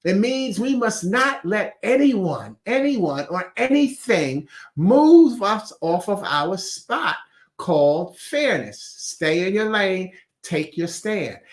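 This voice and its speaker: A man's voice: high-pitched, very animated, slow pace. A man hosting a weekly inspirational message in a chatty, casual way, laughing at his own wordplay and reading out viewer comments. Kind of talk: casual motivational talk.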